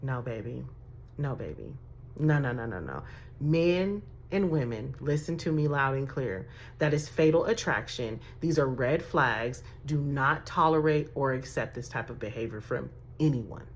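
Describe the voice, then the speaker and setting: A woman's voice: low voice, expressive, moderate pace. A woman, giving emphatic, sassy dating advice as a life coach with laughing asides. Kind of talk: direct-to-camera advice talk.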